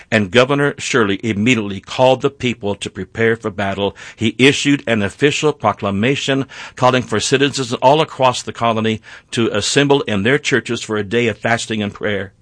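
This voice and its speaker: Male history narrator, earnest and measured, mid-pitched, dry close recording. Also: a bit bright, no echo. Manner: measured, earnest storytelling with small slips.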